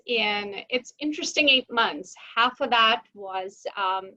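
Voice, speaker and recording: A woman presenting for a transit agency in a webinar, measured and pausing often with fillers. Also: mid-range voice, sharp tone, dry recording, lo-fi sound. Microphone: video call.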